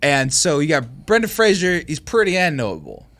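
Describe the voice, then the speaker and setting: A man's voice: a little high, sing-song, moderate pace, a bit bright. A man co-hosting a podcast in casual chat, telling stories animatedly and swearing freely. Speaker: podcast co-host.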